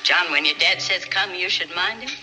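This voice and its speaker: A woman's voice: on the low side, moderate pace, noisy background, close to an everyday voice. An actress playing a stern, plain-spoken rural woman guardian in a 1950s film, with blunt, dry speech. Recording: old film soundtrack with loud music.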